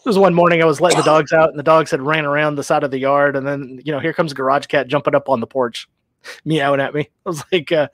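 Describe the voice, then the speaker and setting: A man's voice: a little high, fairly even intonation, quick pace, fairly bright tone, no room sound. A man in casual chat, easygoing and laughing often, with hesitant restarts.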